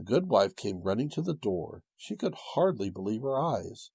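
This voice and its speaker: A man reading a storybook tale aloud with a gentle, old-fashioned storytelling cadence and a husky voice. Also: on the low side, big pitch swings, moderate pace, few pauses, no room sound. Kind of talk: storybook narration.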